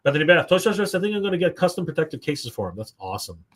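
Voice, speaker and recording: A Canadian man with a fairly high, sing-song voice hosts a live toy stream, talking very fast. He reads viewer comments aloud and chats casually in an upbeat way, using lots of fillers.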